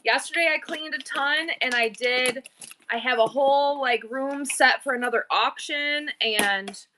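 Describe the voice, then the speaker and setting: A middle-aged woman hosts an online auction live stream, chatting with viewers in a bubbly, casual way and tossing quick asides to the chat. Her voice is high-pitched, and the background is noisy.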